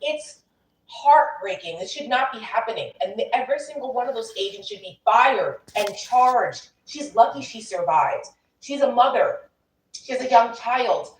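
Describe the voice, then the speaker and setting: A woman's voice: on the high side, expressive, normal speed. A woman commentator on a political panel, speaking with indignant, emphatic force. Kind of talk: heated political discussion. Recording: roomy echo from a distant mic.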